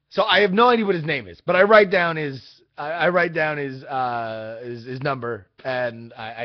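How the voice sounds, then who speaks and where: A young man hosting a video, telling a casual, rambling story in an exasperated, animated way. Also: on the high side, unhurried. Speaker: vlog host. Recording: dull lo-fi audio.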